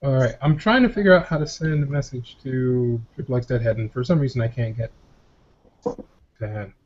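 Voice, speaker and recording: A man hosts a casual group video chat, rambling along with laughs and repeated words. His voice sits at a middle pitch. The call audio sounds muffled and lo-fi. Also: a little fast. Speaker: host of a motovlogger hangout.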